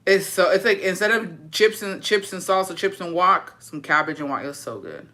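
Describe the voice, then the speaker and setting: A woman's voice: on the low side, animated, normal speed, sharp tone. A young woman livestreaming, chatting casually and answering viewer comments in a blunt, profane and dramatic way.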